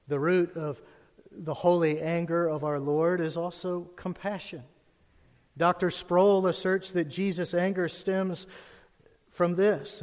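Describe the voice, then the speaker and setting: A man giving a sermon as pastor, earnest, dropping his voice low and soft when he reads scripture. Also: long reverb tail.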